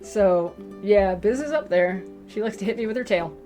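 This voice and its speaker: A woman's voice: medium pitch, moderate pace, mellow, soft background music. A woman casually chatting through reader questions about her comic, rambling with lots of fillers and asides. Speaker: webcomic creator answering reader questions. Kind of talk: casual Q and A chat.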